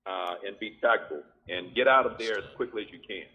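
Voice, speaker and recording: Man, phone line sound, measured, advising caller. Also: on the low side. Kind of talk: calm advice by phone.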